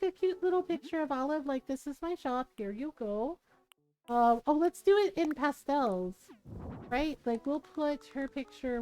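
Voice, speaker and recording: A woman streams a life-sim game, chatting casually, telling stories, and laughing often, with playful quoted voices. Her voice sits high but has a darkish tone.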